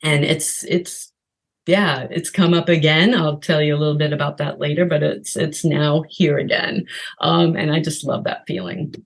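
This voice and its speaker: A middle-aged woman from the United States telling her story as a podcast guest, chatty and animated, with frequent laughs and fillers. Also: deep voice, normal speed. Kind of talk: casual storytelling.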